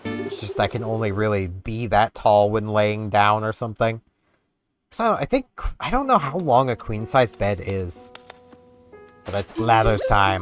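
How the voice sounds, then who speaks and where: A man's voice: lowish voice, animated, moderate pace. A man rambling casually while playing a video game, chatty and self-deprecating, with game music behind him. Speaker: gaming vlogger. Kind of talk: casual gameplay commentary.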